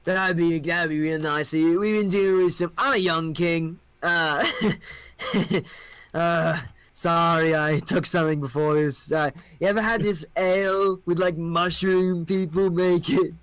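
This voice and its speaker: A man's voice: on the high side, steady tone, unhurried, a bit bright, clear, resonant tone, voice pushed up. A man voicing a young, cheerful fae king who is a little tipsy and rambles in a friendly way as he welcomes guests in a tabletop game. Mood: tipsy cheery. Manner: rambling, friendly, stumbles over words. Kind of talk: tabletop role-play voice.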